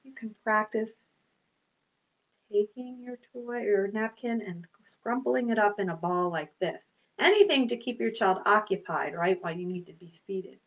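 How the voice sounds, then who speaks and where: A woman's voice: medium pitch, moderate pace, a bit bright, highs cut off. A woman hosting a children's storytime, singing songs and talking to small children in a sing-song, exaggerated manner. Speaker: children's librarian.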